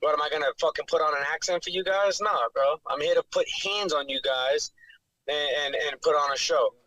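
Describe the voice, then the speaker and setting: A brash, profane man with a thick New York accent, speaking as a fighter on a podcast. His voice sits high and bright, with a forceful edge. The sound is close and dry, with no room in it. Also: a little fast, no room sound, dull audio. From New York City. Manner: brash, profane trash talk. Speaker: bare knuckle fighter, guest. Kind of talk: casual podcast interview.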